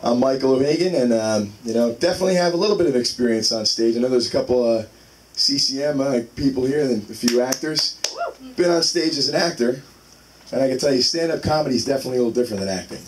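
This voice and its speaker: A man's voice: mid-range voice, fast talker. A man in his thirties doing a casual stand-up comedy set, telling self-deprecating stories about his kids. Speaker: stand-up comic. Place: small live comedy venue. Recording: distant mic in a noisy room.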